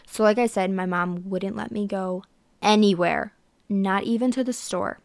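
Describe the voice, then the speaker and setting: Talking directly to her audience, a twenty-something podcast host delivers a sarcastic, easygoing solo chat. She has a creaky mid-range voice at normal speed, with no echo.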